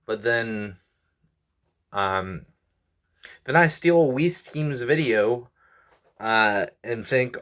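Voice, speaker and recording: A man's voice: mid-range voice, lively intonation, slow pace, long pauses, fairly bright tone. Frustrated young man venting with sighs. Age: 20s. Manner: frustrated, rambling, sighing, apologetic. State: stressed and weary. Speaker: YouTuber and comedian. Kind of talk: venting vlog to camera.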